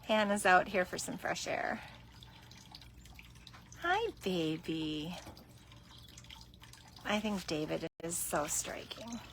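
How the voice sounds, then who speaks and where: A woman chatting casually on a livestream from a cat shelter room, cooing softly at the cats as she films on her phone. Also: on the low side, normal speed, creaky, hardly any pauses, a little hiss or hum.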